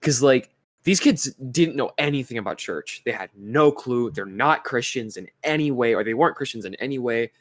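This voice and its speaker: A young man co-hosts a casual podcast, telling a rambling story full of fillers and restarts. His mid-range voice is animated and moves at a normal speed, with no echo.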